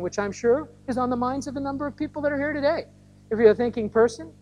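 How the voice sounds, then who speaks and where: A woman preaching an Easter sermon outdoors in a conversational, animated way, acting out quoted voices. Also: on the high side, poor audio. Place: outdoor gathering.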